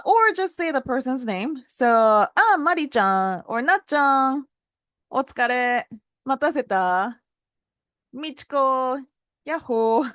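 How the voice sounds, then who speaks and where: Woman teacher, casual lesson delivery, bouncy pitch on examples, dry close sound. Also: no room sound. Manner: models phrases with lively pitch jumps, laughs lightly. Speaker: Japanese language teacher.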